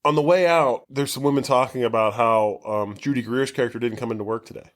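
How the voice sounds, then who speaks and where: A man on a podcast walking through a movie's plot in a loose, rambling way. He swears freely and fills his sentences with "like" as he goes. His voice sits at an ordinary, middle pitch. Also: fast. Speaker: podcast co-host. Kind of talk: casual movie recap chat.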